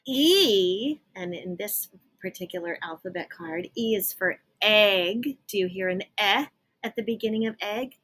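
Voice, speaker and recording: Slow, breathy-voiced woman teaching phonics. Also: mid-range voice, lively intonation, fairly bright tone. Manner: slow, patient, sounding out letters. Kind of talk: phonics lesson for young children.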